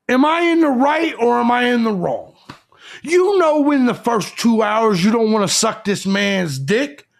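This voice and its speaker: A man's voice: very high-pitched, vocal fry. A man hosting a live stream, ranting crudely and combatively as he lectures his audience. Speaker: live show host.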